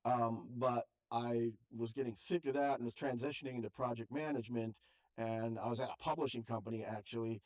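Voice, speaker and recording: A man's voice: mid-range voice, fairly even intonation, fairly quick, darkish tone. An older man interviewing a guest in a chatty, self-deprecating way, often trailing off. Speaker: interview host. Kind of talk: casual conversation.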